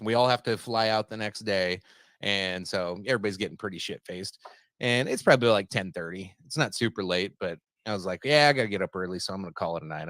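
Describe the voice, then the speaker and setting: A man's voice: on the low side, a bit bright, no room sound. A man hosting a podcast, telling a long story in a casual, rambling, profane way and laughing at his own jokes. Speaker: podcast host.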